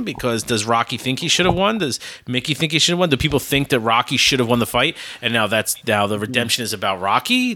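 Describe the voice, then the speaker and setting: A man joining a casual film podcast as a guest, playful and animated. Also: mid-range voice.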